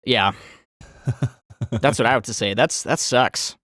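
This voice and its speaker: A man's voice: medium pitch, takes it slowly, a bit bright, dry recording, studio quality. A man co-hosting a casual comedy podcast, joking around and laughing often. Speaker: podcast co-host.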